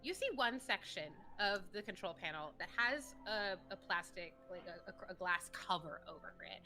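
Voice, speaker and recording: A woman narrating a tabletop game as game master, animated and rambling, laughing often. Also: medium pitch, normal speed, faint music behind.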